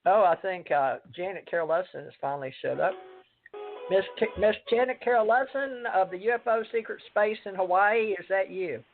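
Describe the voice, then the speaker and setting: Woman radio host, rambling, halting speech, lots of fillers, tinny phone-line sound. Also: mid-range voice, animated, soft background music. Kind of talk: casual talk radio.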